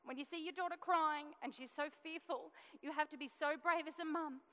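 A woman's voice: high voice, steady tone, moderate pace, bright, forceful tone. A woman in her thirties giving a testimony sermon, telling a family story earnestly and acting out the dialogue. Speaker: church speaker sharing testimony. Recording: long hall reverb.

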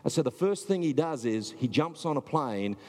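A man's voice: mid-range voice, lively intonation, normal speed, a little mellow, big-room sound. A man preaching a sermon in a loose, conversational way, with filler words and restarts. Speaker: pastor.

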